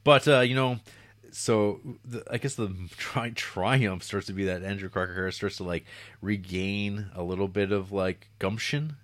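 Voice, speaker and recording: A man's voice: fairly low pitch, fairly even intonation, moderate pace, fairly bright tone. A man in casual chat recapping a film, rambling with restarts as he tells it.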